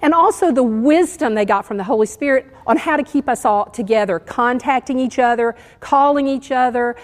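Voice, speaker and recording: A woman's voice: on the high side, moderate pace, long reverb tail. A woman giving an earnest, encouraging sermon in church. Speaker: church speaker. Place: church sanctuary.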